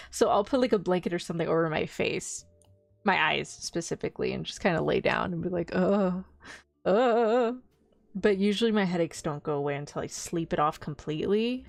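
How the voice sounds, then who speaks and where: A woman's voice: mid-range voice, no echo. A young woman streamer chatting casually and rambling, often giggling. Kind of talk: casual chat.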